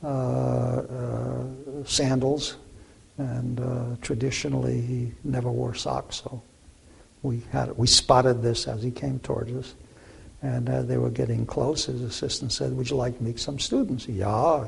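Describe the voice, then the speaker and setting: A man's voice: mid-range voice, level tone, a little slow, a little hiss or hum. An older man, a physicist guest in an interview, recounting memories with many fillers and restarts. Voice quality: gravelly, raspy voice. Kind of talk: interview storytelling.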